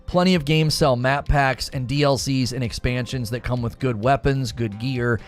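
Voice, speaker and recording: A man hosting a live gaming talk stream, arguing with his chat and answering it directly in an animated way. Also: mid-range voice, normal speed, soft background music.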